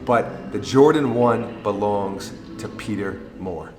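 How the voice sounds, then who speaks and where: A man's voice: fairly low pitch, animated, a little slow, few pauses, over music. A man who hosts a sneaker vlog, talking casually and rambling with jokes and restarts. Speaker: sneaker vlogger. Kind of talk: casual chat. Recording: roomy echo with long reverb.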